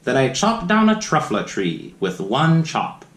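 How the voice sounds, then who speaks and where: Slow, sing-song man reading a storybook. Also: medium pitch, wildly swooping pitch, a bit bright. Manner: sing-song rhyming reading with playful asides. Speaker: children's story reader. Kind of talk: reading a picture book aloud to children. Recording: roomy echo.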